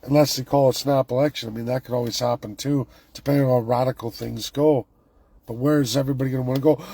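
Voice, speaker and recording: A man's voice: medium pitch, fairly even intonation, brisk, warm tone, no echo. A man, ranting emphatically and repetitively in a political vlog monologue. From Canada. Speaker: political commentator.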